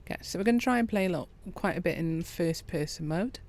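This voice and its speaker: A woman, quietly commentating a farming game and chatting with her viewers. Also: on the low side, fast. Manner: quiet, relaxed, chats with viewers. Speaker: streamer. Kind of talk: calm gameplay commentary.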